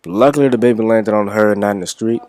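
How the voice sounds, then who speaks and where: A young man from Washington, D.C. tells a story in a rambling, laid-back way, swearing freely. His voice sits a little low. The sound is close and dry, with no room echo. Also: fast, a little mellow, clear, resonant tone. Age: young adult. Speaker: reaction vlogger. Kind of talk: casual storytelling.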